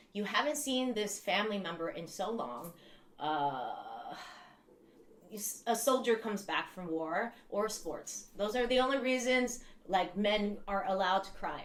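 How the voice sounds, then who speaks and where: A woman's voice: mid-range voice, echoey room, a little hiss or hum. A woman in her thirties hosting a casual livestream chat. She rambles, swears freely and laughs often. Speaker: livestream host.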